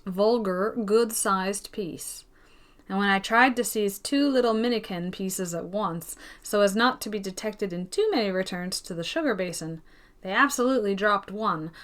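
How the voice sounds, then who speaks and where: A woman reading a classic novel aloud in an even, gentle storytelling manner. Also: medium pitch. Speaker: narrator of an audiobook. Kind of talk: scripted audiobook narration.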